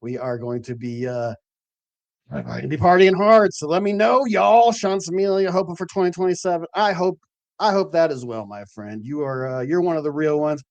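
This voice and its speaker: A creaky, somewhat high male voice at a moderate pace comes through lo-fi sound with no room sound. He's the host of a late-night cannabis growing show, telling loose, rambling stories with lots of fillers and the occasional swear.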